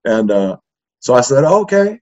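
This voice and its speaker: An older man speaks in a breathy, low-side voice at normal speed: a history professor from East Los Angeles. During a casual interview he animatedly relates profane stories from his youth, ending phrases with "right?" again and again, on dull lo-fi audio.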